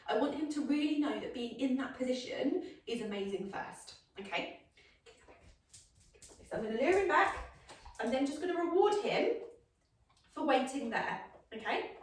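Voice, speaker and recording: A woman, a dog trainer giving an upbeat demonstration, often checking in with "okay?". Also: a little high. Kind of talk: instructional demonstration. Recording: echoey, mic far off.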